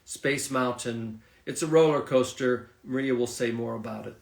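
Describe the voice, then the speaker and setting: Male co-host, steady and calm, models words clearly for learners; echoey room. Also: medium pitch, normal speed. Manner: calm, steady, says each word clearly on request. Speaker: co-host introducing vocabulary. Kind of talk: casual lesson, reading word list.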